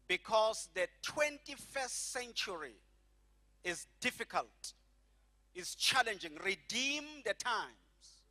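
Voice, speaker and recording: A middle-aged pastor with a high-sitting, sharp-toned voice preaches a sermon. He slows down and stretches key phrases, having the congregation repeat after him.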